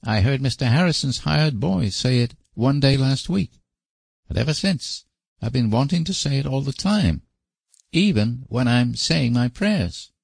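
An anxious little boy with a high, pleading voice that stumbles over his words, as a man puts him on for a storybook. The voice sits well above the reader's own, dry and close to the mic. Hoarse at the edges. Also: lively intonation, measured pace, no echo, heavily acted. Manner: pleading, hesitant, stammering. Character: small anxious earnest boy.

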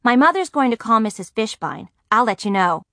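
A chatty, know-it-all schoolgirl, voiced by a woman reading a storybook. She passes along news in quick bursts with a lively, rising pitch. The sound is close and dry. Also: no room sound.

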